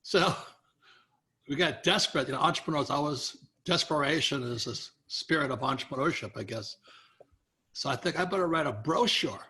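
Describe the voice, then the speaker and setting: An older man, a guest author, telling animated anecdotes in an interview, acting out quoted voices. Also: fairly high pitch, moderate pace. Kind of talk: storytelling interview.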